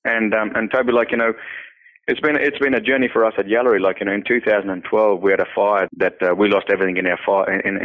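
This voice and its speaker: Man, very low monotone voice, earnest storyteller, tinny phone-line sound. Interview guest. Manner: earnest, repeats words, many "you know" fillers. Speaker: nonprofit founder, interview guest. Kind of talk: personal storytelling in conversation.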